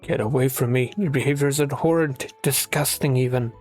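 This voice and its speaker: A comedy narrator voicing a haughty, contemptuous evil horse over soft background music. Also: mid-range voice, fairly quick, close to an everyday voice. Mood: disdainful. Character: evil bigoted snobbish horse, disdainful.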